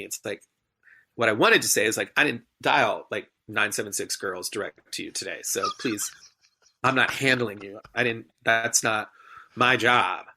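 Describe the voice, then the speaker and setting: A man with a bright, forceful voice tells an anecdote from the stage in a podcast interview. He talks animatedly and acts out the voices of the people in his story. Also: fairly low pitch, moderate pace, a little hiss or hum. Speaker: guest, stage performer and MC.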